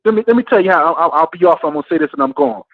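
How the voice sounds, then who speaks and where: A frustrated male caller vents down a tinny phone line, his voice set high and gravelly. He talks passionately and keeps repeating "man". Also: very fast, no room sound. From Florida A&M alumnus. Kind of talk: heated call-in rant.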